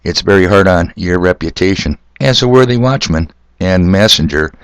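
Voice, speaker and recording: Older guy ranting on his podcast, deep voice, sarcastic, dry mic. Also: expressive, normal speed, clear, resonant tone, dry recording. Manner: sardonic, ranting. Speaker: podcast host. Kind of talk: solo podcast monologue. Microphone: corded mic.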